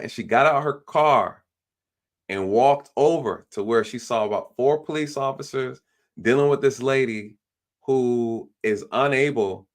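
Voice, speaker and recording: A man, a police officer, telling a story in a casual way on a live stream. He acts out the lines of the people in it and often repeats himself with fillers like "you know". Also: medium pitch.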